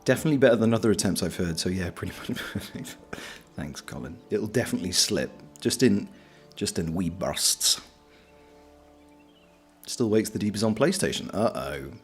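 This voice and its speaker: A man's voice: deep voice, expressive, normal speed, soft background music. A British man streaming, chatting casually and reading out viewer comments in a joking, self-deprecating, rambling way. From Britain.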